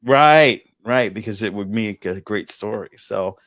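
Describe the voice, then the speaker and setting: A man hosting a casual movie review chat, animated and prone to swearing. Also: on the low side, a little slow, dry recording, studio quality. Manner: animated, swears, laughs often. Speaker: host.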